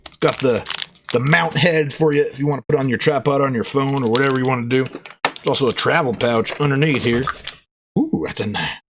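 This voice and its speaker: A man, reviewing a product in a casual unboxing vlog, joking in a playful cowboy persona with excited jumps in pitch. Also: fairly quick, noisy background.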